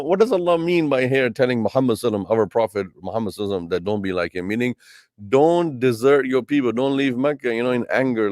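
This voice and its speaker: A man teaching a Quran tafseer lesson, animated and speaking directly to his brothers and sisters. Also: mid-range voice, dry recording, clean studio sound. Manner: animated, acts out quoted voices; addresses listeners as brothers and sisters. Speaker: Islamic teacher.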